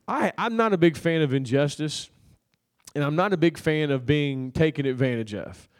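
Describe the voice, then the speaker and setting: A man's voice: fairly high pitch, animated, normal speed. A man preaching a sermon, telling a story in a loose, conversational way and calling out to the congregation for an amen. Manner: conversational storytelling with laughs and crowd call-outs. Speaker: pastor.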